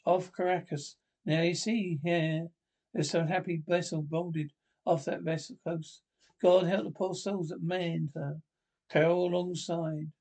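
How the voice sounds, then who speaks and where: A man voicing an excitable, boastful older gentleman squire in a storybook reading, talking eagerly and with loud confidence. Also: a little high, unhurried. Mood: gloating.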